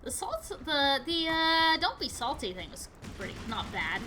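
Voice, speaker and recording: Brief: animated woman, higher bright voice, casual let's-play commentary. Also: normal speed, a little hiss or hum. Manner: chatty, excitable, yelps at the game. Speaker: gaming video host.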